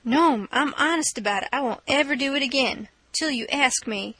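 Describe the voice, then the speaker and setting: A woman's voice: sits high, normal speed, a bit bright, slightly rough, dry recording. A woman reading an audiobook, voicing a cheeky boy who plays innocent in a mock-humble, sly pleading tone.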